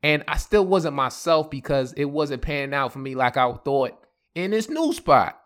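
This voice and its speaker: A man telling a personal story on his podcast, casual and animated, acting out the other people in it. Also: on the high side, moderate pace. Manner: animated, acts out quoted voices, laughs often. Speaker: podcast host.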